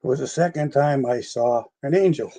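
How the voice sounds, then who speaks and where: Older guy with a husky voice, rambling through stories, keeps laughing and doing voices. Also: medium pitch, moderate pace, warm tone. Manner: rambling, laughs often, acts out voices in his story. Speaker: guest paranormal investigator. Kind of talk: casual storytelling interview.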